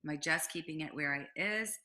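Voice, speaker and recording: A woman's voice: low voice, a little fast. A middle-aged woman, a business owner guest in an interview, telling a personal story with lots of fillers and acted-out quotes. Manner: animated storyteller, acts out quotes, frequent fillers.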